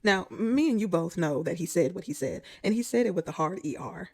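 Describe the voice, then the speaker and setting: A woman speaks in a gravelly, husky voice with a mellow, dark tone. She comments bluntly and without hurry, dropping wry asides to her viewers. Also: fairly low pitch, normal speed. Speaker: commentary vlogger. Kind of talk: casual commentary to camera.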